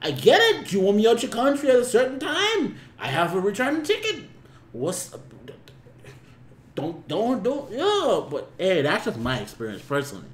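A man's voice: high-pitched, wildly swooping pitch, normal speed, echoey room, a little hiss or hum. A man hosting a reaction video, ranting casually with sudden swings in volume. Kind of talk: ranting commentary.

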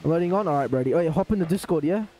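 A man with an Australian accent streaming a car-ball game live, talking to chat and trash-talking opponents in excitable banter. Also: on the high side, very fast. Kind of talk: live gaming commentary.

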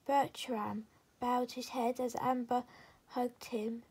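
A woman reading a children's storybook aloud in a soft, gentle, half-whispered way. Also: on the high side, level tone, slow, breathy edge, low-quality recording.

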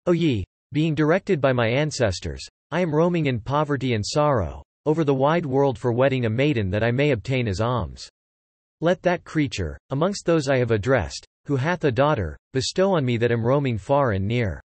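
A man's voice: medium pitch, animated, normal speed, darkish tone, no echo, lightly acted. A man voicing a remorseful male ascetic sage in a read-aloud epic, speaking in solemn archaic phrasing. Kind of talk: scripted epic narration.

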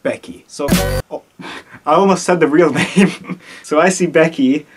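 A man's voice: a little high, a little slow, slightly rough, soft background music. A young man from Italy with a slight Italian accent, telling a story to his camera, often breaking into laughter. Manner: giggly, keeps breaking into laughter. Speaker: vlogger.

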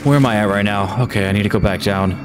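A man commentating his own horror game playthrough, getting exasperated and shouting when things go wrong. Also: lowish voice, fast talker. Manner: exasperated, yelling in frustration. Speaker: gaming YouTuber. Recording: game music behind voice. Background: game music.

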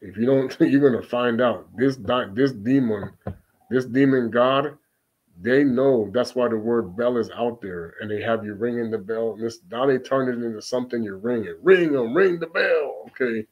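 Man preaching on scripture, mid-pitched voice, reads archaic verses slowly and comments emphatically with constant rhetorical questions. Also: a little mellow, highs cut off. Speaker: religious teacher.

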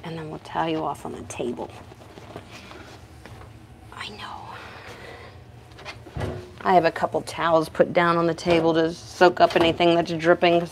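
A woman's voice: deep voice, monotone, fast talker, creaky, few pauses, noisy background. A woman who works as a professional dog groomer, giving a chatty grooming demonstration indoors in her shop and talking both to the dog and to viewers.

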